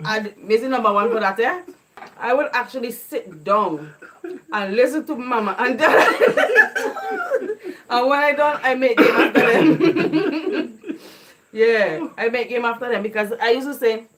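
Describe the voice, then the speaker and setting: A woman's voice: on the high side, measured pace. A young woman with a Caribbean island creole accent, telling stories from her childhood in a casual, laughing way. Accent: Caribbean island creole English. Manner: laughs often while telling stories, lively and animated. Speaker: vlogger. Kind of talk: casual storytelling.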